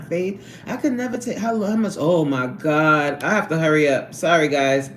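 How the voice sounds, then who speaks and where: A woman hosting a casual livestream from her workplace on a lunch break, reading out chat and laughing often in an animated way. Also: normal speed, echoey room, a little hiss or hum. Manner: animated, laughs often, swoops up high when excited.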